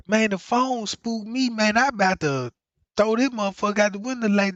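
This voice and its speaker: A male vlogger telling stories in a casual monologue, swinging between low muttering and loud exclamations, with frequent profanity and filler phrases. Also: sing-song, moderate pace, no echo. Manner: peppers talk with profanity and "you know what I'm saying". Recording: slightly muffled, dry sound.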